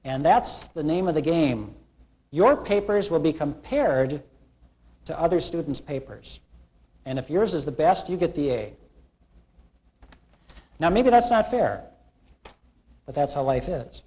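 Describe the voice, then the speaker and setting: A man's voice: a little high, measured pace, long pauses. A middle-aged man giving a college classroom lecture, telling humorous restaurant stories and acting out the people in them. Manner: animated storytelling, acting out quoted characters. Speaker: college instructor. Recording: 1980s classroom video recording.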